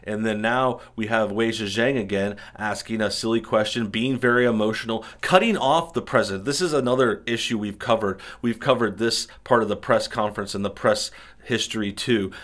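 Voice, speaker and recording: A man's voice: lowish voice, normal speed, few pauses, fairly bright tone. A man hosting an opinionated commentary show, talking indignantly in a string of rhetorical questions. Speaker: political commentary host. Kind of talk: opinionated commentary over news clips.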